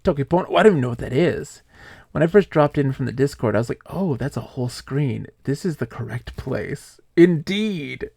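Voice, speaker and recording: A male streamer playing a text adventure live, reading the game text aloud and telling rambling, animated stories with lots of fillers. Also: medium pitch, a little fast, gravelly, husky, dry recording, studio quality.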